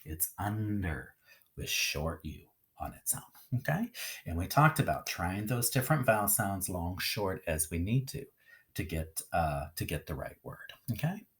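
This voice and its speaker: Lively man teaching phonics. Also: low voice, a little slow. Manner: lively, sing-song teacher voice, frequent "okay?". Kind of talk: phonics lesson video.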